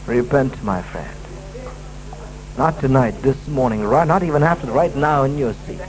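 A man's voice: mid-range voice, moderate pace, slight background noise, poor audio. A man preaching a sermon at a church service, emphatic and repetitive, restating his key lines.

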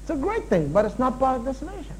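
Animated high-voiced male pastor preaching. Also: fast, a little hiss or hum, low-quality recording. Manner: animated preaching with asides and jokes. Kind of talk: sermon.

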